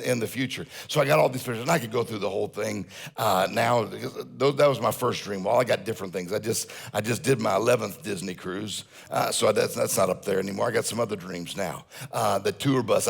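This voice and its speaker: Male motivational speaker, raspy low voice, jokey storyteller. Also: fairly quick, few pauses. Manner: storytelling, jokes with audience. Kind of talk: humorous seminar talk.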